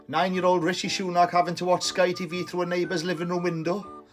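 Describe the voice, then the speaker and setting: Welsh man, comic ranter, high-pitched, exasperated and sweary. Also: moderate pace, over loud music. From Wales. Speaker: comedy video creator. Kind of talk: comic rant to camera.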